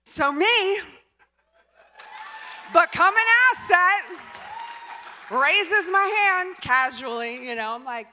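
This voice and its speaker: A woman telling a story in a keynote speech, chatty and animated, full of "like" and "you know". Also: sits high, measured pace, some chatter behind. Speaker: conference speaker. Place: conference hall stage. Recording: large hall with long reverb.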